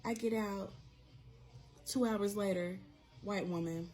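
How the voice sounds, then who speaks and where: A woman's voice: medium pitch, slow, long pauses, a little mellow, faint music behind. A woman ranting bluntly and with swearing about coworkers in a casual monologue. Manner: blunt, profane, sassy. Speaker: commentator. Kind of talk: casual rant.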